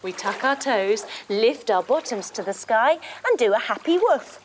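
A woman's voice: fairly high pitch, lively intonation, a little slow, slight background noise. A young woman leading a children's yoga story, playful and singsong, full of sound effects and movement cues. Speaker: kids yoga instructor. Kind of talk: guided kids yoga story.

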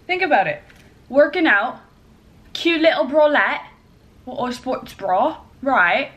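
A woman's voice: a little high, animated, moderate pace, a bit bright. A young woman vlogger chatting casually through a clothing haul, bubbly and gushing, full of filler words.

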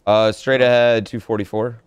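A man's voice: medium pitch, flat delivery, normal speed, smooth, dry recording. A man playing as a teammate in a video game, chatting casually and swearing now and then. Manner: laid-back, swears casually. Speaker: teammate in a battle royale game. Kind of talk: casual gaming chat.

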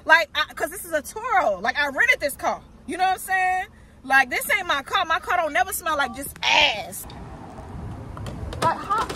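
A young woman vlogging casually to her viewers, telling an exasperated story with animated flair and talking to them directly. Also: very high-pitched, moderate pace, slight background noise. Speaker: vlogger, mother. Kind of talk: casual vlog chat. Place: in a car, then outdoors at a park.

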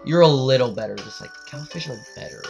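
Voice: medium pitch, expressive, fast talker, vocal fry, dull audio. A gamer giving let's play commentary, talking in a frustrated, dramatic way and scolding the fish in the game. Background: faint game music.

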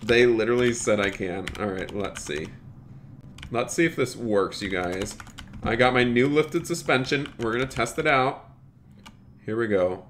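A man's voice: medium pitch, moderate pace, a bit bright, slight background noise. A man live-streaming a game, chatty, thanking viewers by name and talking to "you guys" a lot. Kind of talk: live-streamed gameplay commentary.

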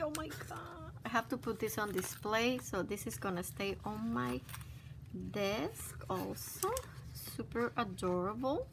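A woman vlogger at home, gushing and exclaiming as she opens crafted mail in casual unboxing chat. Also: fairly high pitch. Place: at home by her desk. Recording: noisy background hiss.

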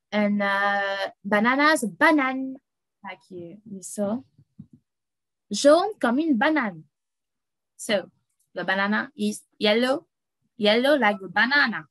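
A young woman teaching an online lesson for children, repeating each word slowly and laughing often. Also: mid-range voice, lively intonation, fairly bright tone, no room sound, poor audio. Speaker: French teacher for kids.

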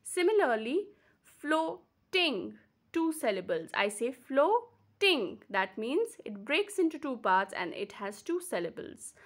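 A woman teacher from Kashmir with an Indian English accent, patiently explaining a lesson and repeating words slowly, syllable by syllable. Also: fairly high pitch, sing-song. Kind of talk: slow classroom explanation.

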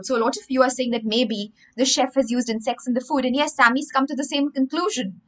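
A young woman narrates a children's story on a live stream. Her voice is bright and a little high, and she keeps pausing to restate lines in easier words. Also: fairly even intonation, rough recording. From India. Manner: explains and rephrases each story line with simpler words. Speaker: storyteller and English teacher.

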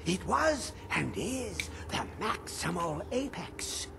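An actor playing an eccentric older male hermit scholar in a video game, speaking in slow riddles with sudden whispered words. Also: high-pitched, very animated, vocal fry, noisy background, full character voice. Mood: cryptic, rambling.

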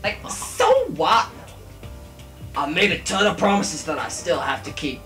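A man's voice: a little high, lively intonation, measured pace, bright, forceful tone, soft background music. A young man doing a drunken comic dub of game dialogue, mock-dramatic and sweary. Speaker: player voicing game dialogue.

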